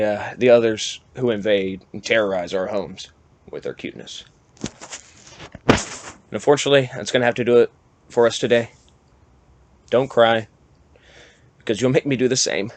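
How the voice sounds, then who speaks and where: Rambling podcast host. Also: male voice, mid-range voice, moderate pace, pauses often. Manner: rambling, self-deprecating, animated when riled up. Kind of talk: casual monologue.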